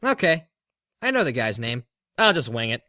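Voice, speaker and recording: A man's voice: mid-range voice, big pitch swings, normal speed, pushed and bright, dry recording. A man co-hosting a comedy talk-show sketch, dry and exasperated with his guest. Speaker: co-host.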